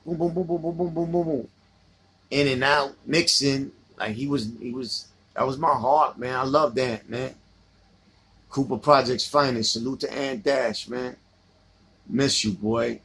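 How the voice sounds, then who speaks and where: Husky New York man reminiscing. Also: medium pitch, a little slow, a bit bright. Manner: reminiscing, reading out viewer comments. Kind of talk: casual livestream chat.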